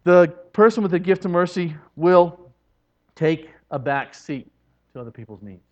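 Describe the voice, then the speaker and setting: A man with a rather high voice teaches a church congregation. He slips into soft, hushed tones whenever he acts out what people say. The recording is dull and lo-fi. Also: lively intonation, normal speed. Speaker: preacher.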